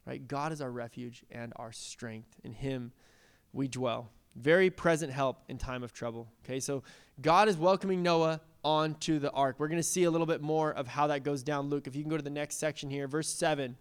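A man's voice: on the high side, steady tone, moderate pace, clear, resonant tone. A young man preaching a casual, conversational sermon and asking the congregation questions. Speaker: pastor.

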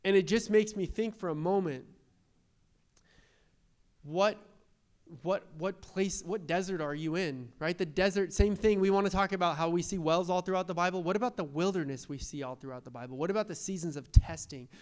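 A young adult man preaching a sermon as pastor, animated, repeating rhetorical questions and acting out quoted voices. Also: high-pitched, moderate pace, smooth.

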